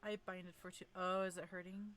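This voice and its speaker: A woman's voice: fairly low pitch, level tone, a little fast, a bit bright. Giggly woman streamer chatting casually. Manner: giggly and self-deprecating, laughs often between lines; stumbles and restarts her words. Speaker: streamer hosting a group fanfic reading. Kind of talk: casual livestream chat.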